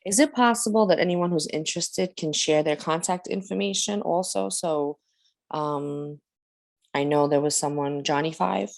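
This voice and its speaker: A woman on a video call in a support group, speaking hesitantly with many fillers and pausing to catch her breath. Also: low-pitched, creaky, darkish tone. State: short of breath.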